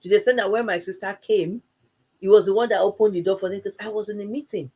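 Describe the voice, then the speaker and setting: A woman co-hosting a live church talk show, telling stories in a casual and animated way, laughing often and acting out both sides of each exchange. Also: mid-range voice, fast talker, slightly rough. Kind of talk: casual conversational storytelling.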